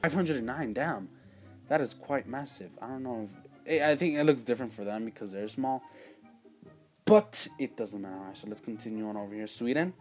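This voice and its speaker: A man giving casual let's-play commentary as a gaming channel host, rambling and excitable, with sudden loud outbursts and quiet asides. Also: medium pitch, moderate pace, faint music behind.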